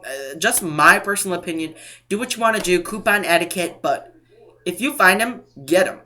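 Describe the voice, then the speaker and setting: A man's voice: sits high, pushed and bright. A man from New England telling a casual storytime vlog, rambling and stopping to correct himself. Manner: rambling, self-interrupting, mimics other people. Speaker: couponing vlogger.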